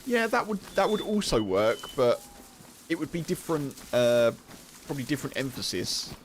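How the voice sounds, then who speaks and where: A man's voice: mid-range voice, very animated, normal speed, a little hiss or hum. Chatty British man streaming. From United Kingdom. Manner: chatty, explains slang to chat. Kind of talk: casual livestream chat.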